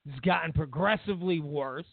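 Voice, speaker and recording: A man's voice: on the high side, brisk, no room sound. A man hosting a political talk show, delivering a heated, sarcastic opinion monologue. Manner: heated and sarcastic, mocks others in put-on voices. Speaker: political commentary host. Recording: dry, phone-like lo-fi sound.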